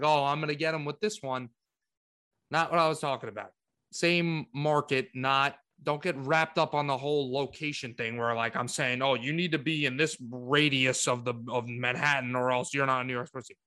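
A man co-hosting a sports podcast, talking in casual, animated rants with frequent restarts. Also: medium pitch, moderate pace, clean tone. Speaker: podcast co-host.

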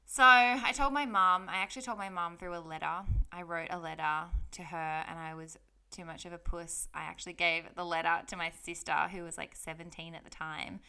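A woman's voice: lowish voice, steady tone, fairly quick, creaky, bright, forceful tone, clean tone. A young woman telling her personal story in a candid, heartfelt, chatty way on her vlog. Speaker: vlogger.

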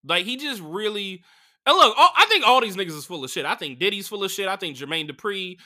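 A young adult man hosting a comedy podcast, telling crude stories in a loose, animated way full of fillers. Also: high voice, fast. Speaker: podcast host. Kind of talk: casual comedic storytelling.

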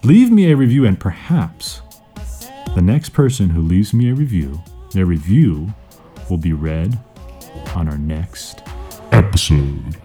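A man's voice: deep voice, sing-song, a little slow, pauses often, mellow, soft background music. A man hosting a casual vocabulary podcast, playful and self-mocking, joking between word explanations. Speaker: podcast host teaching vocabulary.

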